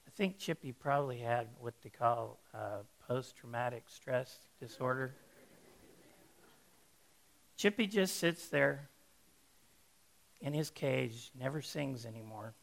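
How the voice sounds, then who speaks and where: A man preaching, telling a folksy, animated story to make a sermon point. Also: medium pitch, takes it slowly, vocal fry, long pauses.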